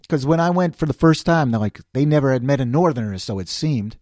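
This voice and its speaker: A man's voice: medium pitch, animated, a little fast, darkish tone, no room sound, clean studio sound. A man in his fifties from the New York City area with a New York accent, telling stories in a casual monologue, acting out quoted voices and laughing often. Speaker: podcast host.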